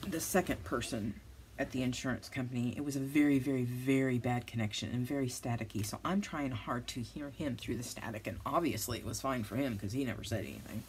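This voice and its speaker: A woman's voice: very deep voice, a little fast, noisy background. A woman, telling a rambling, self-deprecating story as she crafts at home for her vlog. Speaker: crafting channel host. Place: home, with dogs nearby.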